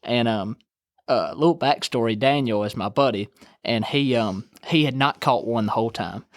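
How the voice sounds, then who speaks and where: A man's voice: mid-range voice, normal speed, dry recording. Young male guest, easygoing storyteller who acts out the quotes, dry close mic. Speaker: guest angler telling a fishing story. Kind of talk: casual storytelling.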